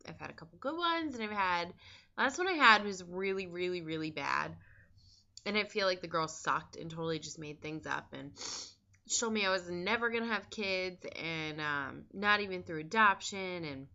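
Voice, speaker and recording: Chatty lower-pitched woman, dull lo-fi sound. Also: expressive, normal speed, bright, forceful tone. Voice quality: chatty, filler-heavy and candid. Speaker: vlogger. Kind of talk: casual diary vlog.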